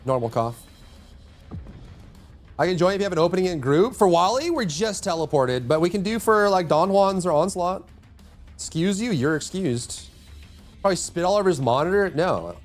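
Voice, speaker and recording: A man's voice: high voice, lively intonation, normal speed, pauses often, soft background music. A man streaming a game live, rambling and joking with his teammates in casual chat. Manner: rambling and jokey, chatting with teammates. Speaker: livestreamer and gamer.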